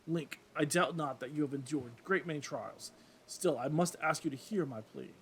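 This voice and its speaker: A man's voice: fairly high pitch, moderate pace, slight background noise, natural voice. A man reading game dialogue as a grand old male fish-folk king with formal, courtly phrasing. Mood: regal. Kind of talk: let's play voice reading.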